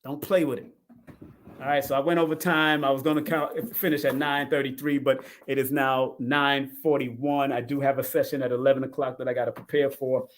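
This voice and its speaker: A middle-aged man hosting a live numerology talk show, casual and animated, laughing often and swinging from loud bursts to soft asides. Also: medium pitch, fairly quick, slight background noise.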